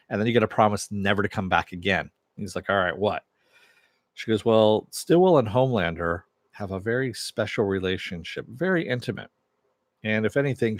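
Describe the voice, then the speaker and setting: A man's voice: on the low side, dry recording. A man casually recapping a TV episode, retelling scenes loosely with lots of fillers and quoted lines. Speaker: TV show reviewer.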